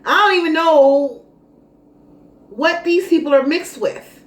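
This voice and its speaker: A woman vlogger telling a story in a casual monologue, animated, dramatic and sassy. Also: sits high, slow. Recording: roomy echo, faint noise.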